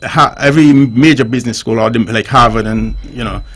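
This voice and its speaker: Gravelly-voiced man lecturing. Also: medium pitch, fairly quick, a bit bright. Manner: didactic, keeps asking if the listener understands. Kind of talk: call-in radio discussion.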